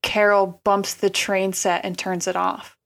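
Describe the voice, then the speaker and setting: Woman co-host, casual film analysis, reflective and unhurried. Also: mid-range voice, level tone, creaky, a bit bright. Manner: thoughtful, analytical, drawn-out phrasing. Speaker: podcast co-host.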